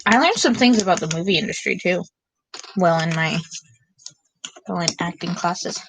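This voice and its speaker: A woman's voice: on the low side, moderate pace, background noise. A young woman streaming late at night, chatting casually and rambling with lots of filler words.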